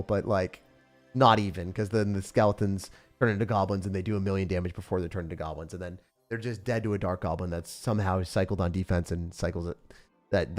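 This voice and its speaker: A young man giving live commentary as he plays and rates card decks, excitable, with loud outbursts and laughter. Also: fairly low pitch. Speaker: streamer playing and rating decks. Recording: faint music behind.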